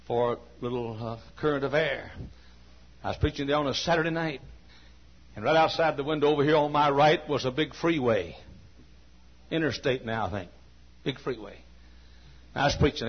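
A man preaching a sermon to a large church. He tells stories quietly and then breaks into high shouting. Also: moderate pace, pauses often, slightly rough. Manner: swings from hushed storytelling to high shouting. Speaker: pastor. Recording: dull lo-fi sermon recording.

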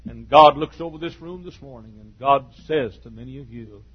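A man preaching an impassioned sermon to a large congregation, dropping to a hush and rising to shouts, on a dull lo-fi recording. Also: medium pitch, normal speed. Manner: impassioned, swinging from hushed to shouting.

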